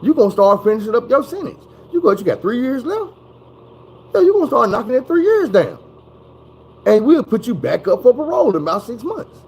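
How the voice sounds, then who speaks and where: A man playing a blunt parole officer laying down threats. The voice is pushed high and lecturing, each line stacked on the last. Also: sing-song, a little fast, a little mellow, breathy edge, exaggerated voice, low-quality recording. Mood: threatening.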